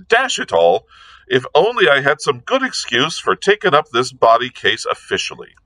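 A man reading aloud and voicing a jaunty, excitable aristocratic gentleman detective, full of exclamatory upper-class banter. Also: mid-range voice, normal speed, no echo, pitched above the performer's own voice, rough recording. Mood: musing. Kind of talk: read-aloud novel dialogue.

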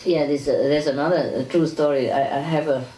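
A woman's voice: low voice, fairly even intonation, a little fast, warm tone, faint music behind. A woman giving an informal spiritual lecture to an audience, talking conversationally with chuckles and tag questions like "you know". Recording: echoey hall, distant mic, faint noise.

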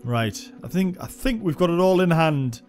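A man's voice: a little high, animated, normal speed, darkish tone, faint music behind. A young man giving casual, sweary gameplay commentary, thinking aloud as he plays. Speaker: game reviewer.

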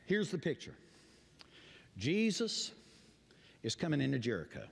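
Preacher, male, high and very animated, dramatic storyteller, long hall reverb. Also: unhurried, creaky, breathy edge. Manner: dramatic storytelling, acting out voices, swings between loud cries and quiet asides. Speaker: pastor. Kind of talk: sermon. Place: church sanctuary.

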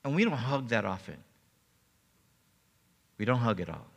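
A man's voice: mid-range voice, very animated, normal speed, vocal fry. A man preaching a sermon as pastor, telling a personal testimony with emotion and stumbling repeats. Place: church sanctuary. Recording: long reverb of a church hall.

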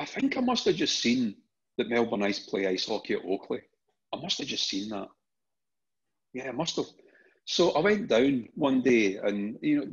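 A middle-aged man with a Scottish accent tells stories in a casual, chatty way, often restarting and repeating words as he goes. His voice is husky and sits in an ordinary middle register. The podcast recording sounds dull and lo-fi. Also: mid-range voice. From Scotland. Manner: animated anecdotes with frequent restarts and repeated words. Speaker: podcast guest. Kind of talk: casual storytelling.

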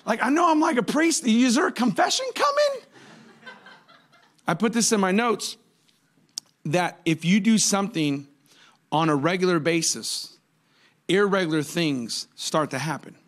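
A man in his forties preaching a sermon as a pastor, telling jokey stories with sudden high-pitched outbursts. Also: lively intonation, a little slow, pauses often, a bit bright.

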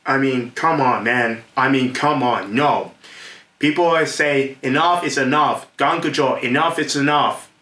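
A man hosting a rambling commentary to camera, excited and repetitive, laughing often and stumbling over names. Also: mid-range voice, measured pace. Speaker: host. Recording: echoey room.

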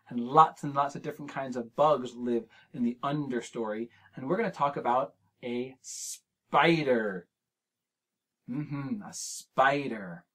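A male children's show host leads a preschool word game in an unhurried, drawn-out delivery. He talks gently to the young viewer at home, sounding out each syllable and encouraging every try. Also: mid-range voice. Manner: speaks straight to the young viewer. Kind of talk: preschool lesson.

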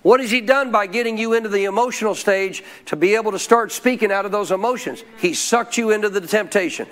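This pastor talks fast in a high, slightly bright voice as he preaches. He keeps firing questions at his listeners and has them echo his phrases back.

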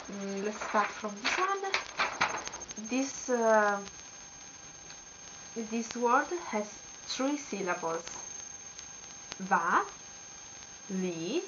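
Young Italian woman teaching pronunciation at a slow, hesitant pace, with fillers and small laughs, recorded on dull lo-fi webcam audio. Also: fairly high pitch, noisy background. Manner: hesitant, many fillers, giggly. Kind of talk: casual video lesson.

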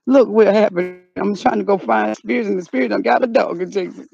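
A woman from North Carolina, vlogging outdoors on a cold day, talking in a dramatic, fearful way and yelling out now and then. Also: mid-range voice, fairly quick, vocal fry. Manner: dramatic, fearful, shouting, slangy. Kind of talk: comic spooky outdoor vlog. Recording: dull lo-fi phone audio.

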